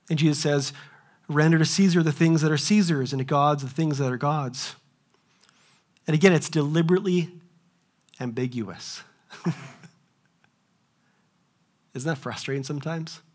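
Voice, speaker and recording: A young pastor preaches an animated sermon from the pulpit, firing off rhetorical questions and taking on the voices of the people he quotes. His voice sits slightly high for a man, at a moderate pace with frequent pauses.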